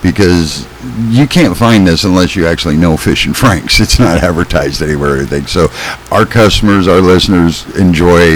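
Rambling low-voiced man, podcast banter. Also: normal speed, a little hiss or hum, poor audio. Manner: rambling, self-interrupting, laughs often. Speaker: podcast co-host. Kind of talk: casual fishing podcast chat.

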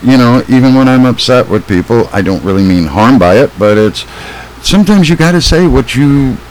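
A man's voice: medium pitch, expressive, moderate pace, a little mellow, a little hiss or hum, rough recording. A man co-hosting a casual fishing podcast, rambling with restarts and frequent laughs. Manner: rambling, self-interrupting, laughs often. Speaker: podcast co-host.

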